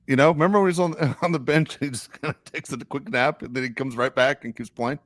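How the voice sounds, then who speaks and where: A middle-aged man co-hosting a sports podcast, telling animated stories and acting out quotes. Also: medium pitch, fast, no room sound, clean studio sound. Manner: animated storyteller, acts out quotes. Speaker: podcast co-host. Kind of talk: casual sports chat.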